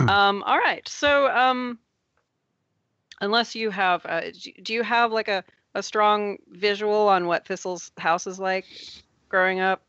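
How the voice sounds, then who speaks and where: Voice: mid-range voice, slow pace, pushed and bright, clean tone, no room sound, highs cut off. A game master narrating a tabletop game in a loose, rambling way, laughing often.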